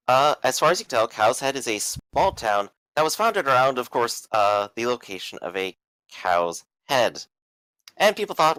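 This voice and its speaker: Brief: male game master, improvising, hesitant, animated pitch. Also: unhurried, no room sound, rough recording. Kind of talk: narrating a tabletop game.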